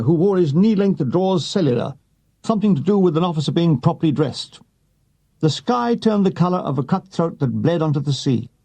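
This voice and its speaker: Male memoir reader, gravelly and husky, mellow tone, dry comic timing. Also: on the high side. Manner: dry comic delivery with voiced quotes. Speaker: audiobook reader. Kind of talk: reading a wartime memoir aloud.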